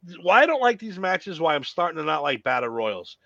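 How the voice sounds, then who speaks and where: A man's voice: fairly high pitch, very animated, brisk, gravelly, a bit bright, no room sound. Laid-back man, dull dry sound. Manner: laid-back, rambling, swears freely. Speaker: podcast co-host. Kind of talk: casual wrestling chat.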